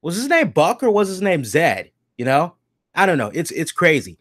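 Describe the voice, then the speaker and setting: A man's voice: a little high, sing-song, normal speed, fairly bright tone, no room sound, clean studio sound. A man co-hosting a podcast, telling a long personal story in a rambling, casual way, correcting himself and swearing now and then. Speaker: podcast co-host.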